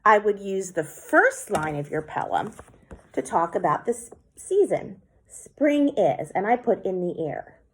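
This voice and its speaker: A woman teaching young children, her pitch rising and falling brightly as she goes. She speaks slowly and deliberately, repeating words as she claps out syllables. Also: very animated, slight background noise. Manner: slow, clear, clapping out syllables. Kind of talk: classroom lesson for children.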